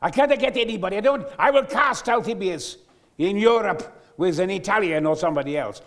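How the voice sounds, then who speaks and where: A man's voice: high-pitched, a little fast, voice pushed up. A man putting on a flustered female casting agent.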